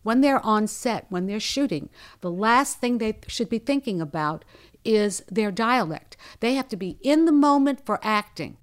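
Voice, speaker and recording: A woman with a New Orleans accent, a dialect coach, talking in a lively, animated way in an interview. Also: fairly high pitch, normal speed. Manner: lively, talkative, animated storytelling.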